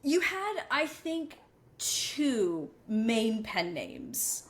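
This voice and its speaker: A woman's voice: on the high side, wildly swooping pitch. A woman co-hosting a book podcast, chatting casually, upbeat and teasing her co-host. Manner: upbeat, teasing, quick to laugh.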